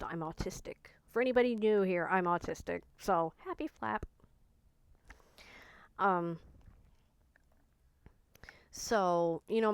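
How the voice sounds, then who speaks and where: Candid grieving woman, smooth dry voice. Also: mid-range voice, no room sound. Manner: candid, heartfelt, rambling with fillers. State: grieving, low on energy. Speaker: vlogger. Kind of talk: personal vlog confiding.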